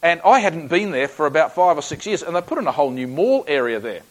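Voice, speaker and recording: A man's voice: fairly high pitch, very animated, quick pace, rough recording. An Australian man preaching a sermon, telling a personal story in a conversational, folksy way with frequent restarts.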